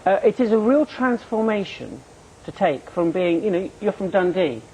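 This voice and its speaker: A man's voice: high-pitched, sing-song, normal speed, a little mellow, slight background noise, low-quality recording. A man co-presenting a breakfast TV interview, asking conversational, searching questions. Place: TV studio.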